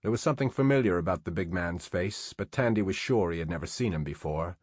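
A man narrating an audiobook in a steady, measured storytelling manner. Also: low-pitched, slightly rough, dry recording.

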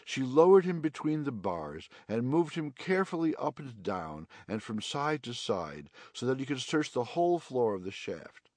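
A man narrating a children's storybook audiobook in an expressive reading style. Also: medium pitch, normal speed, hardly any pauses, no room sound.

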